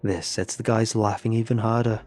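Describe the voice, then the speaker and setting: A man's voice: on the low side, flat delivery, normal speed, a little mellow, faint music behind. A man narrating a first-person horror story in an earnest, tense way.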